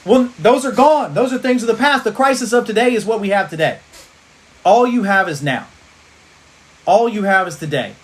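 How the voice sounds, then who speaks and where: High-pitched energetic motivational speaker man. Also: moderate pace. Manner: energetic, preacher-like repetition and rallying calls. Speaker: team leader giving a motivational livestream. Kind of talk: motivational pep talk.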